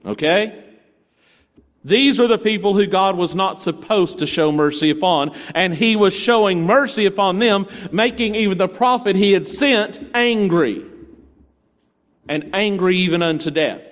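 Storytelling pastor in a reverberant church. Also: male voice, high voice, a little slow, a bit bright. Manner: conversational storytelling, playful asides. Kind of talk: sermon.

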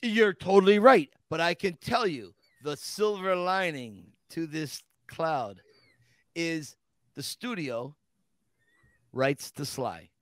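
A man hosting a casual podcast chat, an animated storyteller who talks eagerly and with emphasis. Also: a little high, slow, no echo. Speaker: podcast host.

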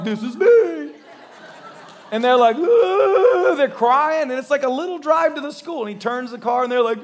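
High-voiced excitable male pastor. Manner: excitable, bursts into high shouts when storytelling. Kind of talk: sermon. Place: church service.

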